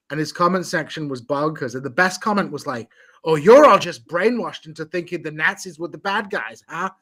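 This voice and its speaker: A man chatting on a podcast, slightly higher in pitch than most men. He tells anecdotes and often starts a sentence over before finishing it. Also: a bit bright. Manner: chatty, restarts sentences, storytelling. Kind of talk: casual podcast chat.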